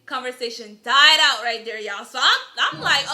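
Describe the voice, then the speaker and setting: A young woman vlogger telling a story to her viewers in an animated, slangy, chatty way. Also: sits high, moderate pace, few pauses, over music. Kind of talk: casual storytime.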